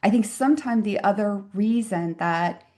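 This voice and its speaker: A woman's voice: mid-range voice, moderate pace, mellow. A woman in her fifties speaks as a podcast guest in a mid-range voice. She tells stories earnestly and reflectively. She leans on key words for emphasis. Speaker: physician guest. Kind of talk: conversational interview storytelling.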